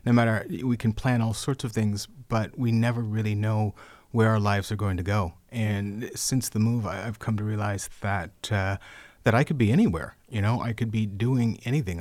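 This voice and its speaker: Man, 50s, American, low-pitched, wry reflective podcast guest, dry room. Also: steady tone, moderate pace, darkish tone, no echo. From San Francisco, California. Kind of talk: casual chat.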